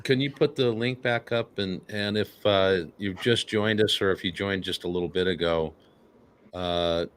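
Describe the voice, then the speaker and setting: A man hosting a casual talk show, speaking earnestly and haltingly with many fillers. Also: deep voice, fairly even intonation, a little hiss or hum. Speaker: podcast host.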